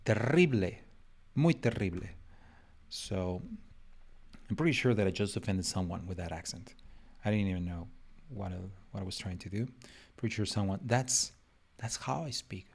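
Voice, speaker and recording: A man's voice: low-pitched, moderate pace, gravelly, pauses often, husky. A man for whom English is a second language, chatting in a rambling, joking way during a live drawing stream. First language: not English. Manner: rambling, self-mocking, joking. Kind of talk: casual live-stream chat while drawing.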